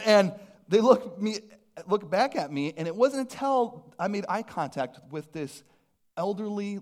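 Animated, lively-voiced male pastor preaching. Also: high voice. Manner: animated, self-deprecating humor, frequent restarts. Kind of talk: sermon with personal storytelling.

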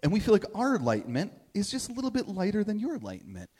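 A man's voice: sits high, wildly swooping pitch, very fast, warm tone, breathy edge. A middle-aged man giving a sermon as a pastor, telling stories in a conversational way and asking "right?" often. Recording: long reverb of a big hall.

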